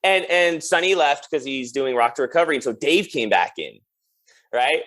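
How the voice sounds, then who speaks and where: A man's voice: a little high, lively intonation, normal speed, fairly bright tone. A young man chatting as a podcast guest, telling loose stories full of "like" and laughing as he acts out other people's lines. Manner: laid-back storyteller, lots of "like" and laughs, acts out quotes. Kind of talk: casual interview chat.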